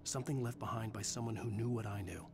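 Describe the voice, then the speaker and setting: A man voicing a tense male novelist narrating a video game in a measured, brooding manner, heard over loud game music. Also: fairly low pitch, gravelly.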